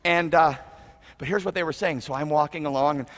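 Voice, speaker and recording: Pastor guy preaching, high bright voice, big echoey church hall. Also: brisk. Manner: earnest, preacherly, repeats phrases for emphasis. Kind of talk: sermon. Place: church auditorium. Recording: reverberant hall.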